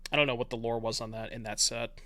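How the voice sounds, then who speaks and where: A man's voice: medium pitch, fairly even intonation, fast, bright, forceful tone, no room sound, clean studio sound. A man giving casual commentary on his online card game, thinking aloud in a chatty, self-mocking way and swearing now and then.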